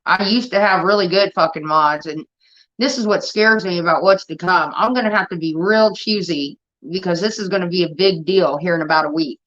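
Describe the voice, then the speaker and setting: Fairly low in pitch, a bit bright and a little fast, a woman hosts a livestream in casual, blunt, profane chat, sounding annoyed with her moderators. The stream audio comes through dull and lo-fi.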